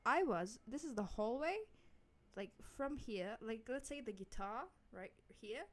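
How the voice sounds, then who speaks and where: A woman's voice: a little high, expressive, a little slow. A young woman in her home office telling a casual story-time tale into a desk microphone, rambling and swearing freely with lots of "like". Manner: rambling, swears a lot, heavy use of "like". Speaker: vlogger. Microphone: studio microphone at desk.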